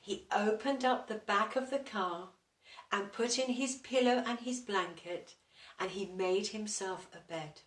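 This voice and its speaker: A woman with a mid-range voice reads a children's story aloud a little slowly, asking the young listeners questions along the way. The recording has a roomy echo from a distant mic.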